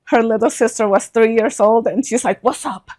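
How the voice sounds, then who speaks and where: A middle-aged woman recounts a personal story in a relaxed conversation. Her voice sits fairly high. She is animated and slips into the voices of the people she quotes. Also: moderate pace. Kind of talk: storytelling in a casual chat.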